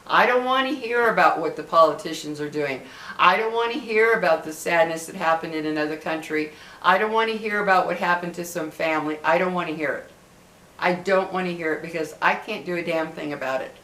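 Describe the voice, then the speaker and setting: A middle-aged woman talks straight to her viewers in a casual vlog. She speaks with passion, circling back and repeating her points with emphasis. Her voice sits a little low, and the room around her gives it a clear echo. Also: fairly quick, a bit bright. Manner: impassioned, repetitive, emphatic. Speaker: vlogger. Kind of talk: casual direct-to-camera talk. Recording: echoey room.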